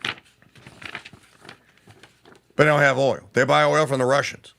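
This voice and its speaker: A male talk show host with a gravelly voice delivers opinionated political commentary. He makes sarcastic asides. His tone is bright and forceful. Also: medium pitch, little pitch movement, unhurried, slight background noise.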